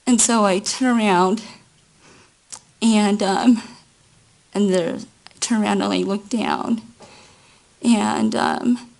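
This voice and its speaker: A woman giving courtroom testimony at an unhurried, careful pace. Her voice carries a gravelly rasp at the bottom of its range, and she recounts events slowly and haltingly, pausing between phrases. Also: medium pitch, steady tone, darkish tone. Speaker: trial witness.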